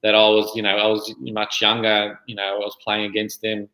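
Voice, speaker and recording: A man in his thirties, a guest on a podcast, talking in a relaxed, rambling way. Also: fairly low pitch, fairly quick, roomy sound, poor audio. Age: 30s. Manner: relaxed, lots of "you know" fillers. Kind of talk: casual interview.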